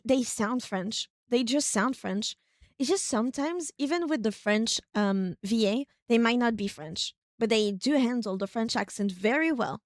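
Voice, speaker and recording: A woman streaming a video game, chatting casually, thinking aloud in a rambling way with sudden excited outbursts. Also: on the high side, no room sound, clean studio sound.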